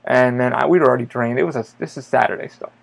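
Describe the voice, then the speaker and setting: A man's voice: mid-range voice, fast, gravelly. A man hosting a podcast, telling a story in a loose, rambling way, with lots of swearing and filler words. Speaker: podcast host. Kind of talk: casual storytelling monologue.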